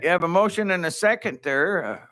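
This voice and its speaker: A male committee chairman runs the hearing in a brisk, businesslike way, calling motions and votes. His voice sits somewhat high for a man and has a bright, forceful ring. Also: lively intonation. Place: legislative hearing room.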